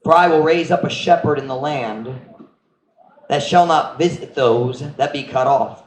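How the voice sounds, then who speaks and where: A man's voice: on the high side, measured pace, slight background noise. A man preaching a sermon as pastor, switching between English and Cebuano and acting out scenes with members of the congregation. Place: church. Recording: echoey church room with faint ambience.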